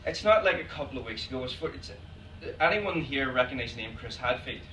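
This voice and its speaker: An Irish photographer giving a talk tells funny anecdotes to an audience, chatty and laughing often as he acts out quoted exchanges. His medium-pitched voice is bright, forceful, brisk and lively in intonation. The recording is noisy and echoey, picked up by a distant mic.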